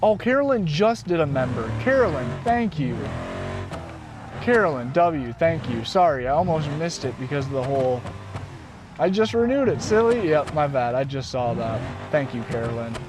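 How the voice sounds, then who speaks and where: A man live-streaming from inside his van, chatting casually with viewers and his dog, excitable and swearing freely. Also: mid-range voice, normal speed, noisy background. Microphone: desk mic.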